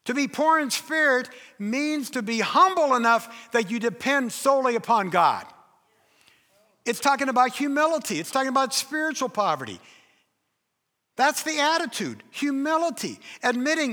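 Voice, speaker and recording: Brief: older male pastor, high bright voice, emphatic sermon, long hall reverb. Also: big pitch swings, normal speed. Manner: emphatic preaching, acts out quoted voices.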